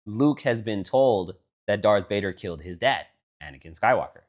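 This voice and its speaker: A man co-hosting a casual podcast, telling stories with a lot of swearing and swinging between loud outbursts and low mutters. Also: lively intonation, moderate pace. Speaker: podcast co-host. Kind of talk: casual chat.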